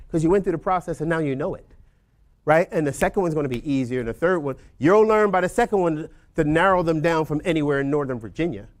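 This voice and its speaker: A man teaching a class of real estate agents in a loose, conversational way, often checking in with "right?" over a video call. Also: a little high. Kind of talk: informal lecture to agents.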